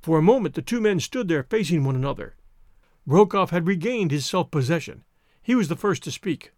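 A man reading an adventure novel aloud as narrator, in a theatrical, expressive way. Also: on the high side, a little fast, no echo, clean studio sound. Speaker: audiobook narrator. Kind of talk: scripted narration.

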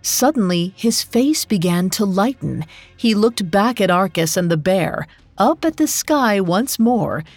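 Slow, gravelly woman narrator. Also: mid-range voice, animated, no echo. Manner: slow, measured storytelling. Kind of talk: scripted narration. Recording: dry studio with faint music.

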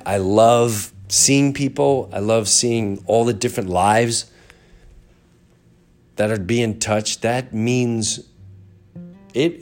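Congested, earnest middle-aged man. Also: medium pitch. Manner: earnest and reflective, trailing off and restarting. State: congested, stuffy nose. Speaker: podcast host. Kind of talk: casual monologue.

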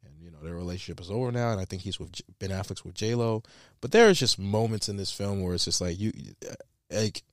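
A man hosting a casual film review chat, animated and profane, laughing often and restarting his sentences. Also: deep voice, fast, dry recording, clean studio sound. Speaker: podcast host reviewing a film.

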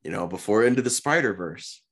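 A man's voice: fairly low pitch, animated, fairly quick, a bit bright. A man co-hosting a podcast who chimes in casually to make his point. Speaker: podcast co-host. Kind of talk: casual fan chat.

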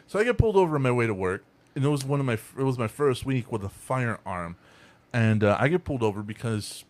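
A young man hosting a casual podcast, telling an animated, profane story and acting out the people in it. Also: mid-range voice, quick pace. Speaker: podcast host.

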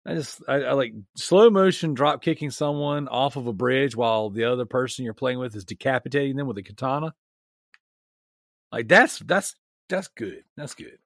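A man's voice: medium pitch, moderate pace, vocal fry, a bit bright, no room sound, clean studio sound. A man co-hosting a podcast, teasing a friend in loose, joking banter. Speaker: podcast co-host.

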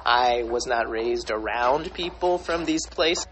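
A man's voice: mid-range voice, slow pace, crowd noise, rough recording. A man hosting a casual discussion, rambling in long clauses as he thinks aloud.

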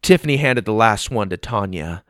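Animated male storyteller, dry close sound. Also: fairly low pitch, moderate pace, dry recording. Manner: expressive, animated reading. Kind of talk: scripted story narration.

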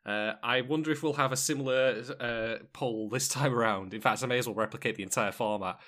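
A man's voice: medium pitch, a little fast, a bit bright. A man hosting a podcast in casual chat, who rambles with wry jokes and asides. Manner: rambling, wry and joking, many fillers and asides. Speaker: podcast host.

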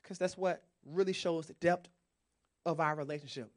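A man's voice: a little high, fairly even intonation, normal speed. A man preaching a sermon with passion, calling out to the congregation.

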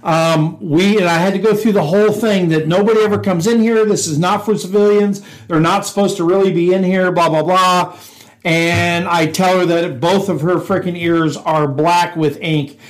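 A man's voice: sits high, steady tone, normal speed, rough recording. A man co-hosting a podcast, a former police officer telling a workplace prank story, laughing through the punchlines and acting out quotes. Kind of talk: casual storytelling chat.

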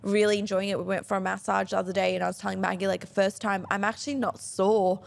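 A woman's voice: medium pitch, level tone, fast talker, vocal fry. A woman co-hosting a podcast, talking frankly, swearing freely and filling with "like". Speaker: podcast co-host. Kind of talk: casual chat.

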